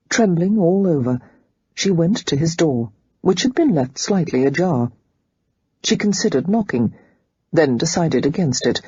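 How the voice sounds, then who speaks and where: An audiobook narrator giving steady, measured scripted narration of a novel. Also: mid-range voice, breathy edge, no room sound, highs cut off.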